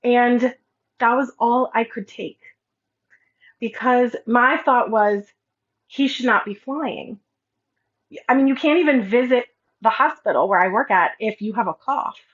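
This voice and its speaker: A woman in her thirties hosts a life-coaching podcast, telling a personal story in a casual, animated way and acting out what each person said. Her voice sits a little high. The audio is slightly muffled and lo-fi. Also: unhurried, long pauses. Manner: animated, acts out quoted dialogue.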